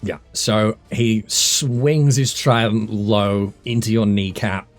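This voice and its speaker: A man's voice: fairly low pitch, slow, soft background music. A man narrating combat as game master of a tabletop game, easygoing and full of filler words. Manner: relaxed, many fillers and restarts while narrating combat.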